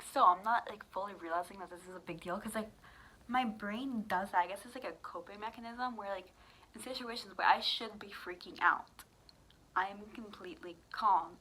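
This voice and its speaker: A young woman vlogging a casual storytime, her voice bright and mid-pitched. She talks in a loose, chatty way, full of fillers, and slips into the lines of the people in her story as she retells them. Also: slight background noise, rough recording. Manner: chatty, many fillers, acts out quoted dialogue.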